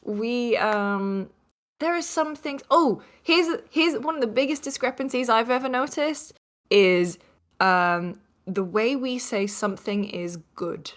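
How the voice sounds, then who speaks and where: A young woman from northeast England with a softened British accent, telling a rambling story as a podcast guest over a video call, with lots of fillers. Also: a little high, slow pace. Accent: softened British English. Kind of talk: casual chat.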